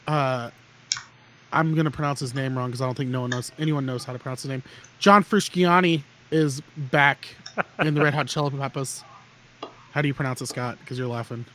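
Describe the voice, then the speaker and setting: A man's voice: mid-range voice, steady tone, normal speed, bright, forceful tone, a little hiss or hum. A man hosting a gear podcast, chatting casually in a rambling, joking way with frequent restarts. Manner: rambling, jokey, restarts often. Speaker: podcast host. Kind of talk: casual chat.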